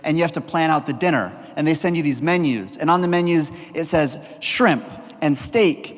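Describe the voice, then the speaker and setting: A man's voice: fairly high pitch, moderate pace. Upbeat young man preaching in reverberant hall. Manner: energetic, leads the crowd in call-and-response. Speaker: youth pastor. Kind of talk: storytelling youth sermon.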